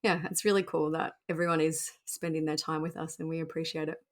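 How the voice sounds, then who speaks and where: A woman's voice: low-pitched, flat delivery, fairly quick. Friendly, giggly woman podcast co-host. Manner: friendly, giggly, thinks aloud. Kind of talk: casual chat.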